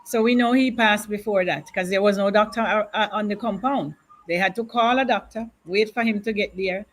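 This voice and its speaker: A woman being interviewed, slowly and deliberately recounting a painful loss in grief. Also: mid-range voice. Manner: slow, grieving, deliberate retelling with repetition. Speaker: widow of a councillor, guest. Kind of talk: emotional interview testimony.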